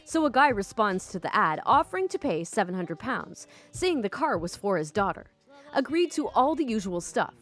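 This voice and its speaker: Lively giggly woman storyteller. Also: medium pitch, normal speed. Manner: giggly, animated, swears casually. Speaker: storytime YouTube host. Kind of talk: reading online stories with commentary. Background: faint background music.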